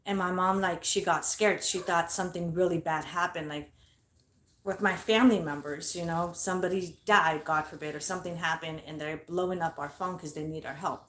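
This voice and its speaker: Woman paranormal vlogger, low-pitched, blunt and foul-mouthed, echoey room. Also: fairly even intonation, brisk, a bit bright, a little hiss or hum. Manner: blunt, swears constantly. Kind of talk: casual ghost-story telling. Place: her bedroom at home.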